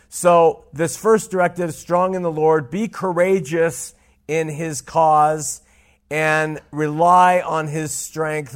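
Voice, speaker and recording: A man teaching a Bible study, speaking emphatically, repeating key points and slowing down to stress scripture. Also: mid-range voice.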